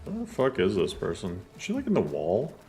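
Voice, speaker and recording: A man's voice: on the low side, wildly swooping pitch, a little fast, darkish tone, faint music behind. A young man streaming a game, chatting casually and swearing a lot as he argues with his chat. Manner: profane, chatty, arguing with chat. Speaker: gaming streamer. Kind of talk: casual live-play chat.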